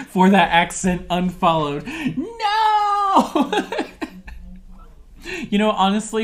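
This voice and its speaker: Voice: medium pitch, huge pitch swings, slow, long pauses. A livestreamer chatting casually with viewers in a giggly, playful way. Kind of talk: casual live-stream chat.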